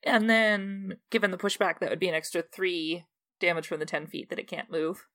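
A woman's voice: on the low side, steady tone, moderate pace, a bit bright. A woman playing a tabletop game, chatty and giggly. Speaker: player. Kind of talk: casual tabletop game play.

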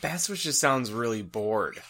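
A man riffing on a comedy podcast, tossing out crude jokes in casual banter. His voice is bright and forward, with lively swings in pitch. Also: measured pace. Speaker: podcast co-host.

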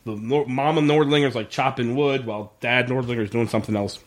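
A man's voice: mid-range voice, fairly even intonation, brisk. A man co-hosting a casual podcast, recapping a TV episode, swearing freely, laughing often and acting out lines from scenes. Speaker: podcast co-host.

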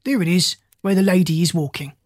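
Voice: mid-range voice, a little fast, no echo, close to an everyday voice. An audiobook reader voicing a plain-spoken, deferential country cart driver. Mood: helpful. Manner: homely and deferential. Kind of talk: audiobook reading.

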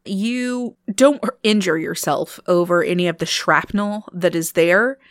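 A woman narrating a tabletop game as game master, casual with many fillers and slowing on details. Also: fairly low pitch, no room sound, studio quality.

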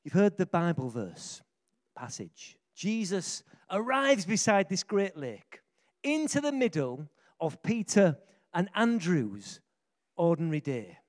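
A man preaching, telling stories in an excitable, jokey way. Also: high voice, slow. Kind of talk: lively sermon storytelling.

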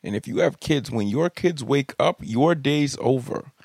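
A young adult man hosting a podcast, telling comic stories about his kids in an animated, jokey way and swearing casually. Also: mid-range voice, unhurried, gravelly, slightly rough, no echo, studio quality. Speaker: podcast host. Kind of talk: comedic storytelling monologue. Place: home studio room.

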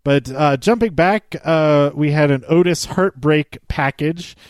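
A man's voice: on the high side, measured pace, no room sound, clean studio sound. A man casually recapping a wrestling show. He rambles, with lots of fillers and small laughs.

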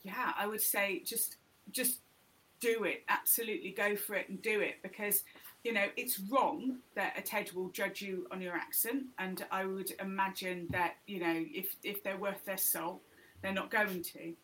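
A woman with a middle-class English accent talks frankly and with energy as a podcast guest. Her voice is bright and crisp, and she comes through on a remote call from home. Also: medium pitch, steady tone, normal speed, a little hiss or hum, rough recording. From north of England. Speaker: guest, TEDx organiser. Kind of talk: casual podcast chat.

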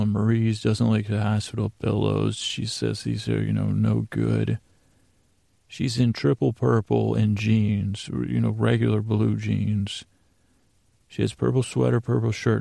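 A man hosting a sleep podcast, recapping a TV episode in a meandering, halting way with many pauses and self-corrections. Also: medium pitch, vocal fry, dark tone, dry recording, clean studio sound. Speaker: podcast host.

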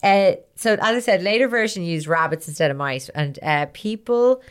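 Podcast co-host, woman, chatty storyteller who keeps acting out bits, mid pitch. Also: animated, moderate pace, smooth. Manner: chatty, giggly storyteller acting out little scenes. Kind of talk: casual chat.

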